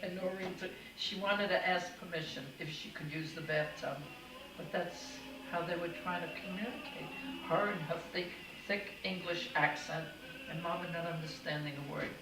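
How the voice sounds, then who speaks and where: A woman's voice: on the low side, fairly even intonation, normal speed. Older woman, family storyteller, echoey distant recording with music beneath. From United States. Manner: warm anecdotal storytelling with acted quotes. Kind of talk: oral history reminiscence. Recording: echoey room, far from the mic, music behind.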